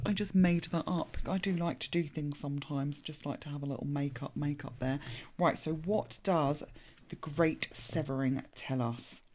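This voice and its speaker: A woman's voice: low voice, gravelly, a little mellow. A woman hosting a casual solo podcast, chatting loosely, interrupting herself and laughing at her own slips as she pulls and reads a card. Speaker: podcast host.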